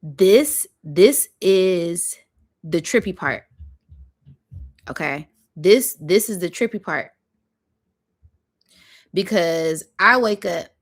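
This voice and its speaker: Animated woman telling a story casually. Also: lowish voice, drawn-out words, long pauses. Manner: animated, slangy, with sound effects. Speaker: vlogger.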